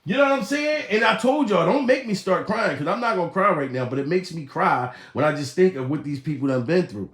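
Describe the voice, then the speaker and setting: A male comedian rants in a high, wildly swinging voice, profane and laughing, jumping from shouts to muttered asides. The sound is roomy and echoey. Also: expressive, brisk, few pauses. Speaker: comedian host. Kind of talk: loud comedic rant.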